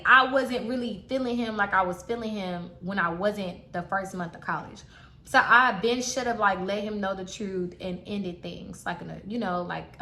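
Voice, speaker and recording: A young woman chatting casually to her viewers as she tells a personal story, animated and talkative. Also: medium pitch. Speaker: vlogger telling a personal story. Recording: roomy echo.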